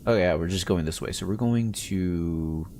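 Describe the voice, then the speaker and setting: A man's voice: sits low, moderate pace, a little mellow, slight background noise. A man streaming a game, chatting casually with his chat and laughing often. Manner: laid-back, laughs often, reads chat aloud.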